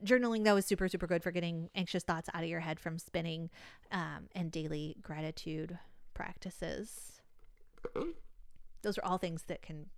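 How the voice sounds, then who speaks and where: Smooth-voiced woman explaining calmly. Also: lowish voice, normal speed, no room sound, studio quality. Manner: explains coping techniques with easy laughter. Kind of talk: casual chat.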